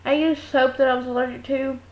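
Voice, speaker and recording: Woman vlogger, high voice, loud and chatty, tells stories and mimics people; dull webcam audio. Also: little pitch movement, fairly quick. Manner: chatty storytelling, acts out voices, talks loud. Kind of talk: casual webcam rant. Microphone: webcam mic.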